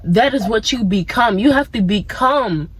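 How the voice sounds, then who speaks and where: A woman's voice: fairly high pitch, expressive, normal speed, husky, low-quality recording. A young woman vlogging outdoors in a casual motivational chat that keeps wandering off into side thoughts. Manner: rambling, easily sidetracked, laid-back. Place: outdoors among plants.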